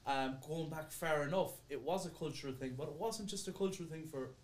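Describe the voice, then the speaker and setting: A man with an Irish accent, explaining things in a casual podcast chat, talking quickly and swearing freely. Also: a little high, slight background noise. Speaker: podcast guest.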